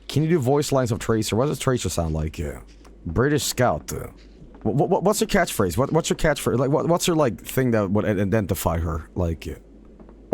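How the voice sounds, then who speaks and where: A man's voice: mid-range voice, slight background noise. A man from northern Sweden, a native Swedish speaker with a northern Swedish accent, rambling animatedly in casual gaming stream commentary. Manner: animated, rambling, quick restarts.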